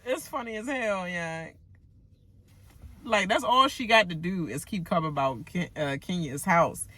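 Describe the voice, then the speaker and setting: A woman's voice: lowish voice, measured pace. A woman, ranting casually in slang while recapping a reality show and acting out its cast. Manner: animated, slangy, acts out the cast members' lines. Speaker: recap vlogger.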